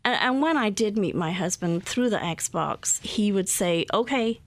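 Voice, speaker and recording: A woman's voice: medium pitch, expressive, a little slow. A middle-aged woman from Wales with a Welsh accent, chatting as a guest in an interview, full of fillers and restarts. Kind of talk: conversational interview.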